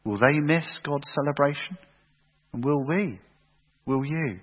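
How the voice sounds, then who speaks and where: A man's voice: a little high, unhurried, breathy edge. A man preaching a sermon with emphatic repetition and rhetorical questions. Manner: emphatic, repeats phrases for effect, asks rhetorical questions. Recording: echoey hall, dull lo-fi sound.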